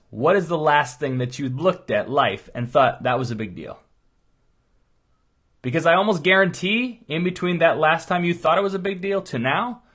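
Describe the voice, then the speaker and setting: A man's voice: a little high, fairly bright tone. A middle-aged man, a chiropractor, giving a rambling, earnest motivational talk in a casual, storytelling way. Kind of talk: motivational monologue.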